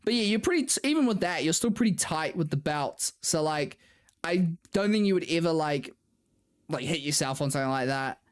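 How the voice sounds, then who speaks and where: A young woman who streams as a racing driver chats casually with viewers during a livestream, in a deep, expressive voice that runs a little fast. She says "like" a lot and laughs often.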